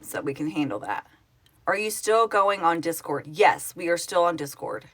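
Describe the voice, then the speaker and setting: Her voice runs lowish with wide swings in pitch, moving at a moderate clip, bright and clear throughout. The middle-aged host, who founded a project and hails from Oklahoma, chats easily on a home phone stream, responding to comments as they appear and rambling with frequent self-corrections.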